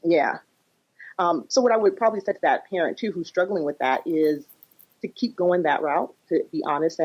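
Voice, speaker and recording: A woman's voice: on the low side, moderate pace, breathy edge, highs cut off. A woman working as a psychotherapist and parenting coach, explaining in a podcast interview with acted-out examples and lots of "you know" and "kinda".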